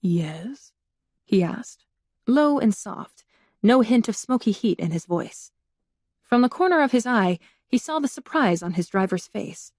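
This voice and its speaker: A woman's voice: on the high side, lively intonation, normal speed, a little mellow, no room sound. Woman reading an audiobook, dry and close. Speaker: audiobook narrator. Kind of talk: scripted narration.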